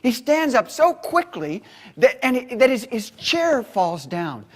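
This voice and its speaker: A middle-aged man giving a motivational keynote, telling a story with dramatic pauses. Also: very high voice, big pitch swings. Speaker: keynote speaker.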